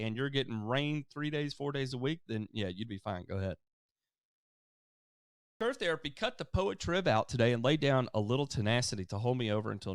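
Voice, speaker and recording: A man's voice: medium pitch, clean tone, no room sound, studio quality. A man hosting a live-stream lawn care help desk, casually reading viewer questions and answering them at length with many fillers. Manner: relaxed, explanatory, many fillers.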